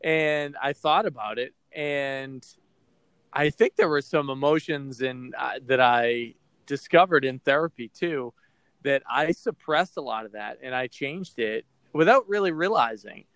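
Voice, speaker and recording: A man's voice: medium pitch, a little slow, fairly bright tone, clear, resonant tone, no echo. A man from Boston hosting a podcast, talking candidly and rambling with lots of fillers. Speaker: podcast host. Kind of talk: casual podcast chat.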